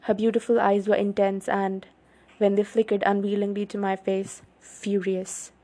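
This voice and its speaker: Female narrator, first-person story reading, steady and level, little pitch movement. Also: moderate pace.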